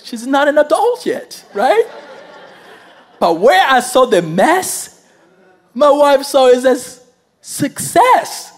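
A man preaching a sermon and telling a personal story, animated, talking to the audience and laughing often as he goes. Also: extremely high pitch, slow, pauses often, a faint crowd.

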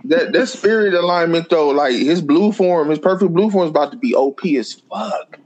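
A man co-hosting a podcast in casual chat, relaxed and joking as he quotes memes. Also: on the high side, normal speed, poor audio. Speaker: podcast co-host.

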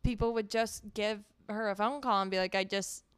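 A woman's voice: medium pitch, steady tone, normal speed, clean tone, no room sound. A woman in her twenties co-hosting a podcast in casual chat, swearing freely, laughing, and packing her talk with "like". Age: 20s. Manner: profane, laughing, filler-heavy. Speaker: podcast co-host.

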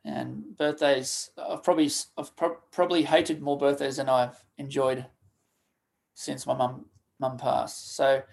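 Halting man telling a painful story. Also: mid-range voice, level tone, vocal fry. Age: 30s. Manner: halting, emotional, many restarts and trailing pauses. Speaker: guest, charity co-founder. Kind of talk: personal storytelling in a podcast interview.

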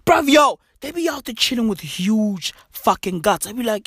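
A speaker delivering a profane, mocking comic rant, swinging between loud and soft. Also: medium pitch, sing-song, moderate pace, slightly rough, no room sound, studio quality. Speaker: comedian.

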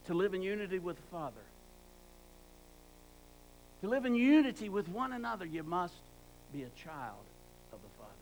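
A man's voice: sits high, sing-song, normal speed, long pauses, low-quality recording. A man preaching a sermon with emphatic repetition, often stumbling and restarting words. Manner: emphatic, repeats words for stress.

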